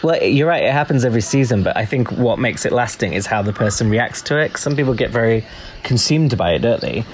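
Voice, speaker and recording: A man conducting an interview, asking questions in a calm, measured way and encouraging his guest. Faint background noise sits under his voice. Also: mid-range voice.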